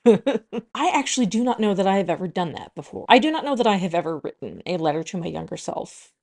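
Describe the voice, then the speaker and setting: A young woman hosting a casual vlog, soft and tearful at times, then bubbly and excitable. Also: medium pitch, a little fast, gravelly. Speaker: vlogger.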